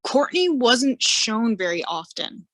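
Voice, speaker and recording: A woman with a fairly high voice chats casually as a podcast co-host. She makes her points in a measured, reasonable way. The recording is dry. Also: big pitch swings, a bit bright, no echo. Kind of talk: casual chat.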